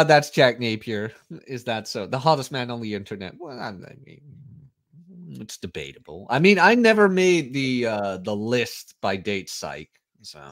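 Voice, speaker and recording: Animated, joking man co-host. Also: medium pitch. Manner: joking, laughs easily. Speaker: podcast co-host. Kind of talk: casual livestream chat.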